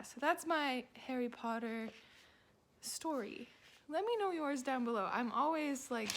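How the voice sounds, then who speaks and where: A woman in her twenties, a book vlogger rambling in casual chat, filling her talk with "like" and dropping into quiet asides. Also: fairly high pitch. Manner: rambling, heavy use of "like", quiet muttered asides.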